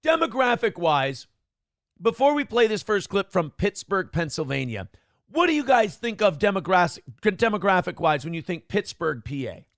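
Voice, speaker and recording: Man, show host, high-pitched, gravelly, sarcastic, swears a lot, dry close mic. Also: sing-song, moderate pace, a bit bright, dry recording. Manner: crude, sarcastic, swears freely. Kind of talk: casual live-stream commentary.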